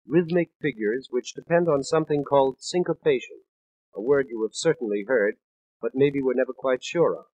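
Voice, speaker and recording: A man's voice: medium pitch, normal speed, darkish tone, no echo, dull audio. A man in his thirties giving a scripted spoken lecture on music for a 1950s studio record, explaining patiently and counting out beats in rhythm. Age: 30s.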